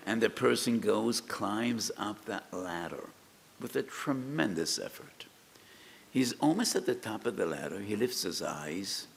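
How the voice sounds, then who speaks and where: An older man delivers a sermon-style lecture in a slow, gravelly low voice. His carry a sound. The recording has a long reverb and a faint hiss behind it. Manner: slow, storytelling delivery that rises to cries in acted pleas. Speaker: rabbi giving a weekly lecture.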